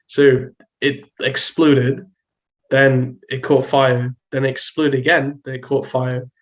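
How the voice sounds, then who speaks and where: A young man with a Trinidadian accent, chatting casually on a podcast. He tells animated stories, with "like" in nearly every phrase, at a medium pitch. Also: slow. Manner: animated storytelling, lots of filler "like". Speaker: podcast host. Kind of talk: casual chat.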